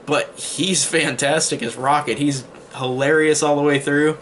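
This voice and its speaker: A man talks through a movie review in a loose, rambling way, often restarting his sentences and leaning on fillers. His voice has a bright, forward edge, with a faint hiss of noise underneath. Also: on the high side, fairly even intonation, measured pace. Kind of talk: casual spoken movie review.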